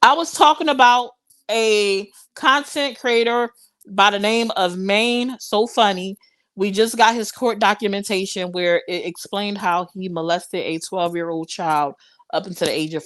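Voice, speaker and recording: A woman's voice: mid-range voice, steady tone, measured pace, fairly bright tone. A young woman hosts a live stream and talks straight to her viewers. She sounds impassioned and a little preachy, in casual commentary.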